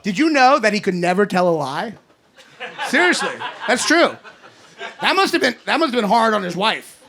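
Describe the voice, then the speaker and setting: A man in his thirties from Kentucky doing an animated, sarcastic stand-up set on a comedy club stage, swinging between loud rants and mutters. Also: high-pitched, moderate pace, a crowd in the background. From Kentucky, USA. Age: 30s. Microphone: handheld stage mic. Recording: live club recording with audience noise. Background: audience laughter.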